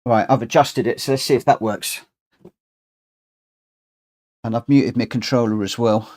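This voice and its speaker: While playing a racing game on a live stream, a man hosting a racing lobby chats casually in a medium-pitched, steady, slightly mellow voice at a moderate pace. He rambles and thinks out loud as he works through his settings.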